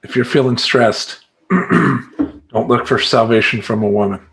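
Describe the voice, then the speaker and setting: Male life coach giving a pep talk, emphatic, repeats stuff over and over, mid-pitched voice. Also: a little slow, vocal fry. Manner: animated, emphatic, repeats affirmations rhythmically. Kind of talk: motivational monologue.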